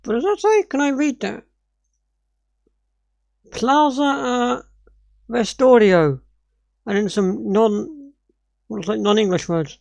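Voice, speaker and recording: A woman's voice: fairly high pitch, slow, gravelly, long pauses, a little mellow, no echo. A woman, ranting in sweary exasperation while reacting on a live stream.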